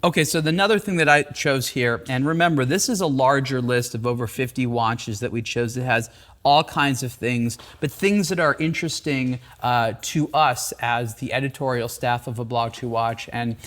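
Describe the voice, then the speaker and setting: A man's voice: medium pitch, normal speed, a bit bright. Chatty man hosting a watch talk. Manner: thoughtful, enthusiastic, with fillers. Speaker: host, watch editor. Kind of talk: casual conversation.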